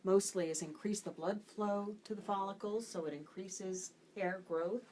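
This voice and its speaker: A woman hair restoration specialist calmly explaining her work, with frequent ums. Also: medium pitch, moderate pace, a little hiss or hum. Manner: calm, explanatory, many ums. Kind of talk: explaining to a host.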